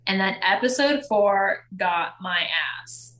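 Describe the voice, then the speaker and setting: A woman's voice: mid-range voice, takes it slowly, slight background noise. A young woman co-hosting a casual podcast, recapping a reality show, laughing often and acting out quotes. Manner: animated, laughing, acts out quotes. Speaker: podcast co-host.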